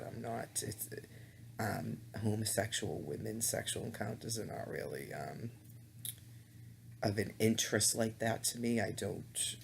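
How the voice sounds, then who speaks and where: A man's voice: lowish voice, slow pace, vocal fry, a little hiss or hum. A man giving a rambling, indignant webcam monologue, full of ums, stutters and restarts, on a laptop webcam mic. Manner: hesitant, many ums and restarts; disgusted, indignant. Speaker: vlogger.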